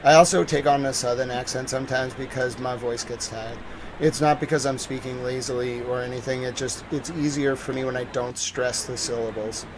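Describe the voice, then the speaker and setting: A man's voice: mid-range voice, fairly even intonation, fairly quick, background noise. A man in his thirties with a Boston accent, talking casually on a news livestream and rambling with lots of fillers. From New England.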